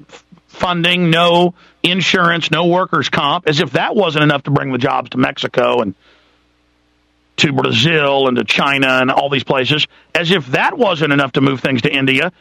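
An intense man rants through a political radio monologue, stacking lists and rhetorical questions. His voice is raised and gravelly, with a bright, forceful edge. The studio sound is dry and close. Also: fairly high pitch, no echo, poor audio. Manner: intense, ranting, piles up lists, rhetorical questions, slows to hammer words. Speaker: radio talk show host.

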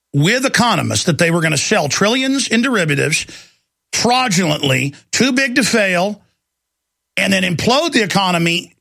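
Gravelly, forceful ranting man. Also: high voice, no echo, studio quality. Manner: ranting, urgent, with stammered restarts and repetition. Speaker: talk radio host. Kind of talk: impassioned talk radio monologue.

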